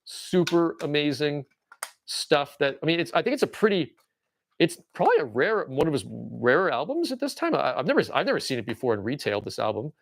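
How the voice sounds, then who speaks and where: A man in his forties hosting a casual livestream show-and-tell, rambling with stammering restarts and excited tangents. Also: a little high, fairly quick, vocal fry. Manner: excitable and enthusiastic. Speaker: livestream host.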